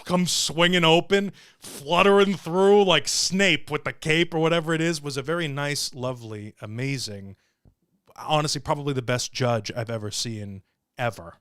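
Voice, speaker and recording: A smooth, clear-voiced man tells a long story to his livestream viewers. He jokes, swears freely and acts out the other people's lines, and the sound is dry and close. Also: on the high side, moderate pace, no room sound. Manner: animated, profane, joking. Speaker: show host.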